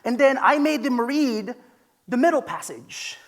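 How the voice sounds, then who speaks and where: A man's voice: very high voice, animated, measured pace. A man giving a conference keynote from a stage, telling personal stories in a conversational, emphatic way. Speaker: keynote speaker.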